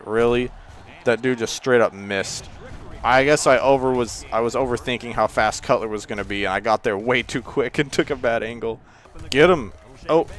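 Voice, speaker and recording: A man casually commenting on his own football video game play, rambling between plays and exclaiming loudly when something happens. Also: lowish voice. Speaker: gaming channel host.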